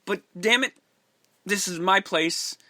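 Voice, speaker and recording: A man co-hosting a casual film podcast, animated and quick to act out characters' lines. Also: sits high, no echo. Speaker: podcast co-host.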